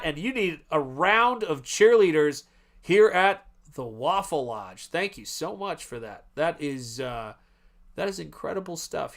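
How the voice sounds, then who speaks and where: A man hosting a live stream, chatting casually in a rambling, animated way and often cutting himself off. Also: fairly high pitch. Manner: rambling, animated, self-interrupting. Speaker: livestream host and artist.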